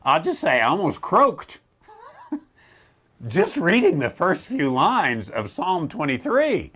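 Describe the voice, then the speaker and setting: A middle-aged man, a theologian, answering a question in casual teaching talk, wry and animated, often slipping into mocking voices. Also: fairly high pitch, slow, husky.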